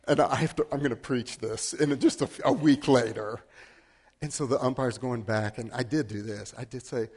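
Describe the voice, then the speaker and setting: A middle-aged man preaching a sermon, telling a story against himself with sudden swings between loud and hushed. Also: mid-range voice, steady tone, moderate pace, husky. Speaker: pastor.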